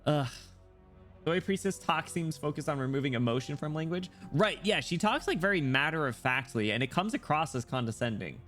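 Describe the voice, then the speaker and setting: A man streaming a game, reacting with crude jokes and quick, laughing commentary. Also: fairly high pitch, expressive, a bit bright, soft background music. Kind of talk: casual gaming stream commentary.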